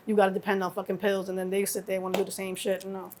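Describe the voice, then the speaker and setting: A middle-aged woman from New York, a guest telling stories in a casual interview, acting out quotes with lively swearing. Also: mid-range voice, rapid-fire, a little hiss or hum. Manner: animated storyteller acting out quotes, heavy cursing. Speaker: guest, mother of a rapper.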